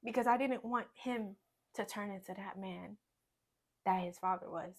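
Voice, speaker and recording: A young woman giving a personal testimony in conversation, earnest and storytelling, often dropping to a quiet voice. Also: moderate pace. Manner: earnest, storytelling, drops to quiet low voice when recounting. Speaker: guest sharing testimony.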